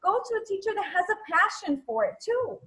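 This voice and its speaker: A woman hosting an interview, praising her guest warmly and plugging his events in a casual chat. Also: very high voice, very animated, a little fast, low-quality recording. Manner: warm, effusive praise. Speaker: interview host.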